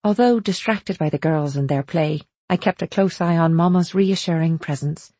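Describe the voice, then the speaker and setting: A woman reading a first-person story as an audiobook narrator, steady and measured. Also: on the low side, no echo.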